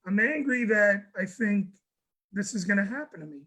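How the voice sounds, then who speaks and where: A man, a guest on a panel, telling a personal story in an animated way, often restarting and repeating words. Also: high-pitched, moderate pace, poor audio. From New York. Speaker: guest speaker.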